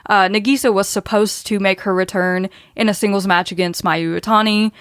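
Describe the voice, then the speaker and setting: A woman's voice: mid-range voice, steady tone, a little fast, a bit bright, clear, resonant tone, dry recording, clean studio sound. Chatty woman recapping match results. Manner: reads match results, laughs often. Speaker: podcast host. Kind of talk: casual podcast recap.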